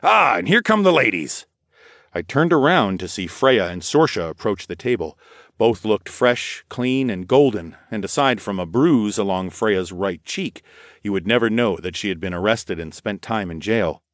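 A man narrating a story in the first person with steady, descriptive storytelling. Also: on the low side, moderate pace, no room sound, clean studio sound. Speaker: audiobook narrator.

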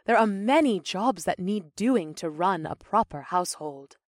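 A man voicing a gentle, devoted elven wife who speaks in a formal, unhurried way. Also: high voice, lively intonation, no room sound, clean studio sound, voice pushed up. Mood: calm.

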